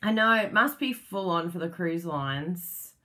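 An Australian woman hosts a crafting livestream and chats easily with her viewers, her voice a little low and her pace unhurried. She laughs often and lets her thoughts wander and trail off as she talks. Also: expressive, bright, forceful tone. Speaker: crafting channel host. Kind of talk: casual livestream chat with viewers.

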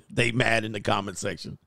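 A man's voice: lowish voice, gravelly, pushed and bright, no room sound, studio quality. A man hosting a livestream, riffing and ranting in slangy casual reaction commentary and laughing often. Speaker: livestream host.

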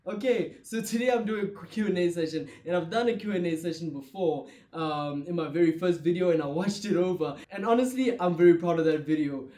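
A young man from South Africa hosting his vlog in an energetic, playful way. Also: sits high, a little fast, hardly any pauses. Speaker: vlogger. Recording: echoey room.

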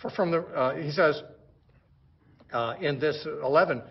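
A man gives a verse-by-verse Bible lecture in a voice pitched a little above the usual male range. He explains patiently and often restarts his sentences by repeating a word or two. The recording is dull and lo-fi. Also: a little slow, gravelly, breathy edge. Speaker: Bible teacher.

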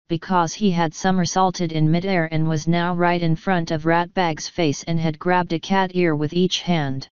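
A woman reads an audiobook in a steady, even storytelling manner. Her voice is low and very smooth. The recording is dry and close, with a slightly dull tone. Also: no room sound. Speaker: audiobook reader. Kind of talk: scripted audiobook narration.

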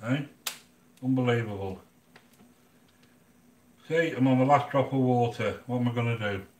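An older English man with an everyday mid-pitched voice talks casually to his viewers. He is chatty and blunt, grumbling and joking as he goes. His voice carries a noticeable room echo. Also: moderate pace. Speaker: livestream cooking channel host. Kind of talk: casual live chat with viewers.

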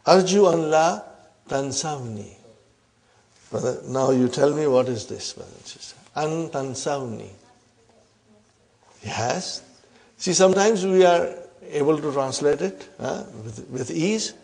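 A man teaching Arabic grammar in a classroom, speaking slowly and with a fairly high voice. He questions his students again and again and nudges them with "huh?" He calls the class brothers and sisters. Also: lively intonation, creaky, a little mellow.

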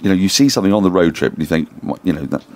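A man's voice: deep voice, racing, a little mellow. A man with an English accent hosting a cricket radio interview from the commentary box, prompting with eager questions. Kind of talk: broadcast interview chat.

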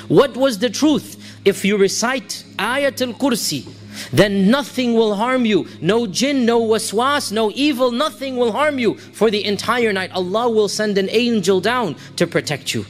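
A man's voice: high voice, measured pace, soft background music. A man giving a religious lecture in a storytelling manner, quoting the people in his tale and reciting passages in Arabic. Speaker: Islamic preacher.

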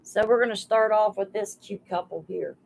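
A woman's voice: mid-range voice, moderate pace, gravelly, darkish tone, poor audio. A woman hosting a live sale stream, chatting homily and greeting viewers by name as she prices items. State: overheated.

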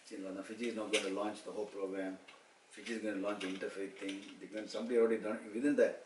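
Here a motivational speaker from Malaysia, in his sixties, tells personal stories at a relaxed devotional meeting, voicing each line of dialogue with lively theatrics. His voice is fairly low and his delivery very rapid. Recorded from afar in an echoing room, with a slight hum.

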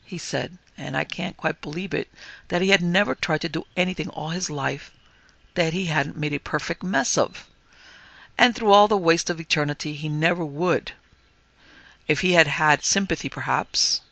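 A man reading a classic ghost story aloud as a podcast host, in a measured, firm storytelling delivery. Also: a little high, creaky, pushed and bright, no echo. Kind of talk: scripted narration of a ghost story.

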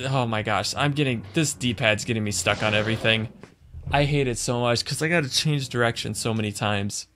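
A man's voice: mid-range voice, normal speed, bright, forceful tone, soft background music. A man playing a video game and commenting as he goes, growing exasperated and grumbling about the controls. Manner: frustrated, exasperated, muttering complaints. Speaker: gaming channel host. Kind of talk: let's play commentary.

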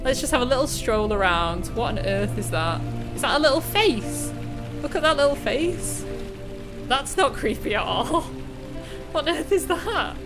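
A woman's voice: high voice, animated, moderate pace, music in the background. A young woman playing a horror game live, talking to herself, shrieking at scares and laughing at herself. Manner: jumpy, screams and laughs, chatty. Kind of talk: live gameplay commentary.

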